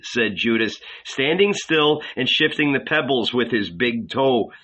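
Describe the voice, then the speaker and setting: A man narrating an audiobook in a measured, unhurried reading. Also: mid-range voice, lively intonation, a bit bright. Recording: dull lo-fi recording.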